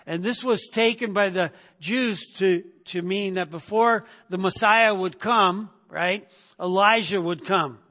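A man's voice: high-pitched, unhurried, sharp tone. Guy preaching a sermon, chatty, keeps saying right?, big hall echo. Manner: conversational, repeats words and asks "right?" often. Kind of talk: sermon teaching.

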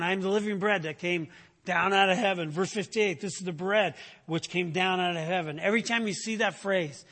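A man preaching a sermon, teaching with rhetorical questions and frequent "right?" check-ins, and rising in pitch when he presses a point. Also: fairly bright tone, husky.

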